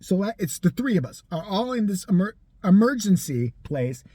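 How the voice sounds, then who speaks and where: A vlogger telling a personal story casually, animated, profane and sarcastic, acting out the people in it. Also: mid-range voice, normal speed, dry recording.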